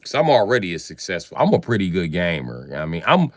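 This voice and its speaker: A man's voice: deep voice, sing-song, fast talker, no room sound, clean studio sound. A man in his forties chatting casually on a livestream, answering viewers with profane, slangy, joking banter. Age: 40s.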